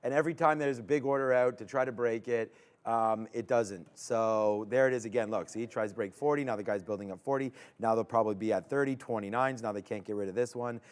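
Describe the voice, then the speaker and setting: A man calling trades live on a stock stream, his voice smooth and resonant. He talks to the chart as it moves, cheering the price on and groaning when it stalls, sometimes jumping to near shouts. The delivery is loose and unscripted. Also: medium pitch, quick pace. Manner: restless, urging the price on, rising to excited shouts. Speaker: stock trading stream host. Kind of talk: live trading commentary.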